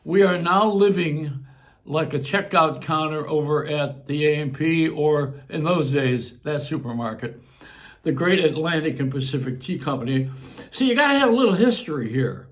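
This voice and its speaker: A man's voice: on the high side, lively intonation, moderate pace. An older man, a longtime radio host from Buffalo with a New York accent, rambling through a casual monologue and chuckling as he digresses.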